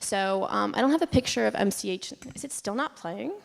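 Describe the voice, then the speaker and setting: A woman's voice: mid-range voice, expressive, a little fast, creaky, a little hiss or hum. A young woman giving a casual student presentation, chatty with many fillers and frequent laughs. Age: young adult. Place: lecture hall. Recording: long reverb in a hall.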